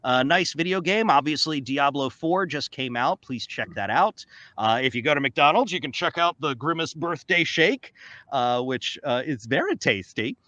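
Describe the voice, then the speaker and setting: A man's voice: a little high, normal speed, no room sound, highs cut off. A man, a voice actor, chatting casually and playfully as a podcast guest. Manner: playful, jokey, animated.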